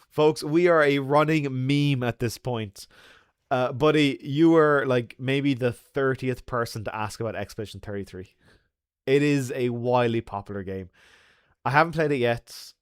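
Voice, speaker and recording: A man's voice: mid-range voice, a little slow, clear, resonant tone, no echo, clean studio sound. Chatty Irish man hosting a live stream. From Ireland. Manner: chatty and jokey, laughs often, loose with fillers. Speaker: livestream host. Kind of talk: casual live-stream chat reading viewer comments.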